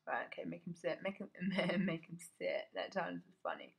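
A man's voice: fairly high pitch, normal speed, creaky, hardly any pauses. Jumpy teen boy narrating gameplay. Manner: jumpy, swears, yelps when startled, mutters to himself. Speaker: gamer. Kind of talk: casual gameplay commentary.

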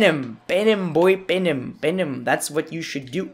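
Young male gaming YouTuber, high voice, playful live commentary with mock-angry yelling. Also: very animated, brisk, hardly any pauses. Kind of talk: gameplay commentary.

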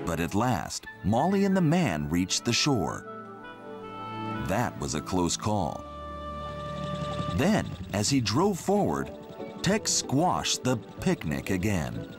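Slow, lively-voiced man reading a story. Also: on the low side. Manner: slow, very animated expressive reading. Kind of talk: read-aloud children's story. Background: music.

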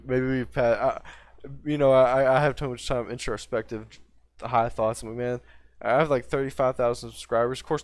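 A man's voice: mid-range voice, a little mellow, no room sound. A young man in his twenties chatting casually on a livestream, rambling and profane, with lots of restarts. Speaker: streamer.

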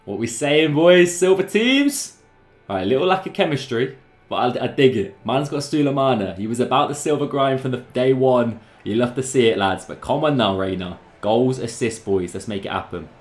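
A young man talks through his football video game match in a fast, excitable, chatty stream of commentary, constantly calling out to his viewers. His voice sits at an ordinary middle pitch. The sound carries a noticeable echo from the room. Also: faint music behind. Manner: excitable, chatty, keeps addressing the lads. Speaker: gaming YouTuber. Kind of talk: live gameplay commentary.

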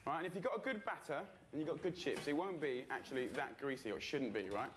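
A man's voice: on the high side, fast talker, slight background noise. A man hosting a cooking show, talking casually and loosely with many fillers as he demonstrates a dish. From England. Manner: chatty, loose, full of fillers.

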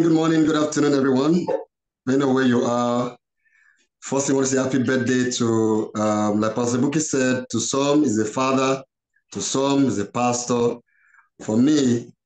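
A male pastor speaks a heartfelt tribute over an online call, slow and earnest and given to repeating his words. His voice sits in the middle range for a man. The sound carries a noticeable room echo. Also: medium pitch, a little mellow. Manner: slow, repetitive, earnest, quoting others in short exchanges. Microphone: video call.

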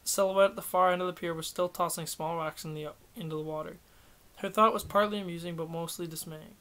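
A man reading a novel aloud as an audiobook, steady and self-correcting. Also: on the high side, a little fast. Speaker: audiobook reader.

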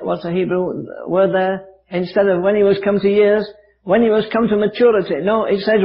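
An older man preaching with a high, lifted voice, spinning stories and rhetorical questions with a dry wit. The old recording is dull and muffled. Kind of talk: sermon. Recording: dull lo-fi archive sermon recording.

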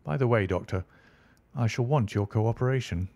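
A man voicing a brisk, confident male schemer who speaks in a clipped, matter-of-fact way. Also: medium pitch, creaky, darkish tone, no echo.

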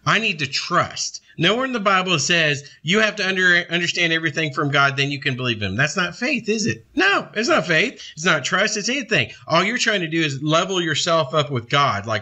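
Bright-voiced man teaching a Bible study. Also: a little high, lively intonation, a little fast, hardly any pauses. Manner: conversational, asks and answers his own questions, ends with "right?". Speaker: preacher.

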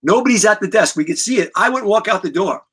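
A middle-aged man tells an animated story in a bright, fairly high voice with a forceful edge. He swears freely and acts out each scene as he goes. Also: quick pace, slightly rough. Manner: vivid, profane, acts out scenes. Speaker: guest musician.

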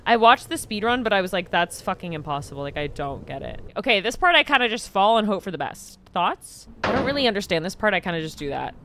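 A woman giving casual, chatty commentary while streaming a video game, sarcastic and swearing, with sudden loud squeals. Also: mid-range voice, animated, fast talker, hardly any pauses, a little hiss or hum.

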